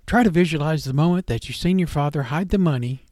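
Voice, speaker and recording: Guy reading as a tough street-smart memory thief, blunt and pushy, kinda high voice. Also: fast, darkish tone, dry recording, clean studio sound, close to an everyday voice. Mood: urging. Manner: firm, urging and blunt.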